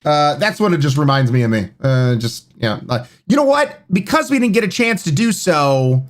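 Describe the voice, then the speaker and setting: A man's voice: on the high side, big pitch swings, moderate pace. A man streaming live, chatting casually, reading out chat and rambling with lots of fillers. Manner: rambling, reads chat aloud, many fillers.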